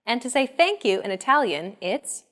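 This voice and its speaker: Young woman, lesson host, explains steadily and clearly in a scripted read. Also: a little high, very animated, moderate pace, fairly bright tone.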